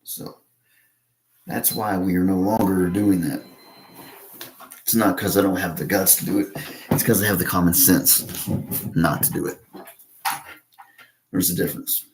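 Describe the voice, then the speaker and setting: An American man talking casually to camera in a halting, rambling way, full of fillers and restarts. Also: sits low, steady tone, echoey room, background noise. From United States.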